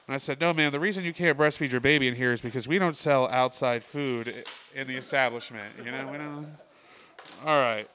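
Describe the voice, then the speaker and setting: A male comedian doing a stand-up set in a comedy club, telling deadpan stories and quoting the people in them. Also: mid-range voice, fairly quick.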